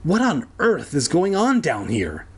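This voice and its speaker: Dude doing a bossy scolding aunt, kinda high voice, a little husky, storybook reading. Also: male voice, wildly swooping pitch, measured pace, exaggerated voice. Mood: stern. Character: stern fussy middle-aged aunt.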